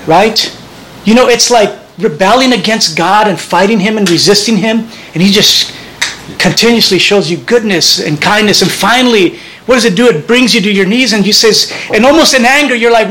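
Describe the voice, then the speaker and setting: A man's voice: high-pitched, normal speed, fairly bright tone, low-quality recording. A man preaching a sermon as pastor, earnest and conversational, often restarting his phrases.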